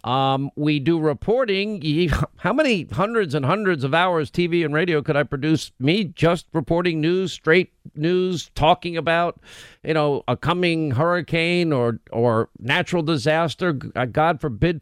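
A middle-aged man with a New York accent hosting a talk radio show, emphatic and quick, often breaking off mid-sentence. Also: a little high, animated, smooth, no echo. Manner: emphatic, rapid, self-interrupting.

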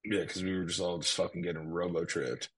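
A man's voice: low-pitched, flat delivery, fairly quick, a bit bright, slightly rough. A man co-hosting a podcast in casual chat, laid-back and full of fillers. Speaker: podcast co-host.

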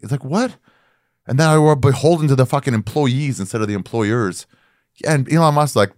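A man's voice: medium pitch, a little fast, no room sound, clean studio sound. A middle-aged male comedian in casual podcast chat, telling stories and acting out quotes, swearing freely. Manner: animated storyteller, acts out quotes, swears freely. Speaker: comedian guest.

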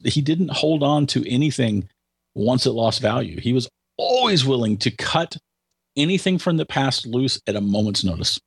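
A man's voice: medium pitch, creaky, breathy edge. A man giving commentary in a casual conversation, hesitating and restarting often before he makes his point. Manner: hesitant, many restarts, then emphatic. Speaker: tech commentator.

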